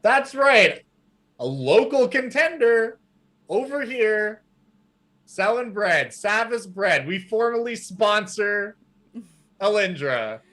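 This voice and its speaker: Showman market merchant, put on by a male game master, lively hawker delivery. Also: fairly high pitch, measured pace, hardly any pauses. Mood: hyping. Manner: announcing like a hawker.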